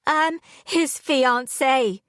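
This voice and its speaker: A woman's voice: fairly high pitch, a little slow, no echo, clean studio sound, pitched above the performer's own voice, close to an everyday voice. A woman voicing a hurt young fiancée, pleading in a shaky, emotional voice in an audiobook. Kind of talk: audiobook character voice.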